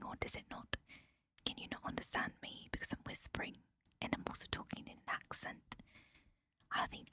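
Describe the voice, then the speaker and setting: A woman doing whispered role-play as a nosy gossip, putting on a mock British accent in a breathy whisper. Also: pushed and bright, natural voice. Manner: playful, gossipy, teasing.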